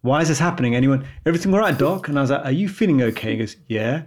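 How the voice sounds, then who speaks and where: Fast-talking man telling stories. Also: medium pitch. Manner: animated storyteller, laughs often. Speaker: radiologist. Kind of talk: casual podcast chat.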